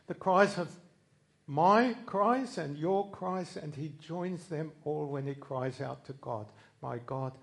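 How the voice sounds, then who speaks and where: A man preaching a sermon in an earnest way, swinging from loud quoted cries to hushed asides. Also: high-pitched.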